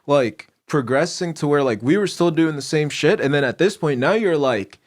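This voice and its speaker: A young man appearing as a guest on a podcast and chatting casually. He speaks in a relaxed, reflective way and often trails off or restarts his sentences. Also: fairly high pitch. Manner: relaxed, reflective, halting with fillers. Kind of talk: casual conversation.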